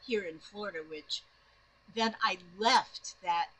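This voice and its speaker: A woman from northern Minnesota chatting casually to camera from her home, excitable and rambling, often restarting her sentences. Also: mid-range voice, slow, rough recording. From northern Minnesota, USA. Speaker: doll-making vlogger. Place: home in Florida.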